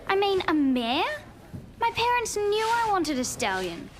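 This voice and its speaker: A woman's voice: very high-pitched, sing-song, unhurried, very noisy, exaggerated voice. An actress playing a spoiled, snobbish rich teenage girl in a TV drama, whining in a haughty way. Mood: sulky. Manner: haughty, whiny complaint. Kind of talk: teen TV drama acting.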